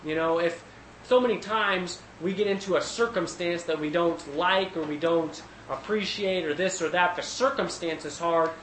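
A man leading a casual Bible study who thinks aloud with fillers and restarts, getting animated when he retells scenes. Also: fairly high pitch, normal speed, reverberant, slight background noise, low-quality recording.

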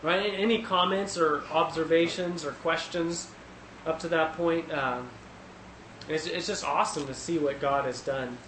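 A man leading a casual Bible study who thinks aloud with fillers and restarts, getting animated when he retells scenes. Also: on the high side, moderate pace, reverberant, a little hiss or hum, poor audio.

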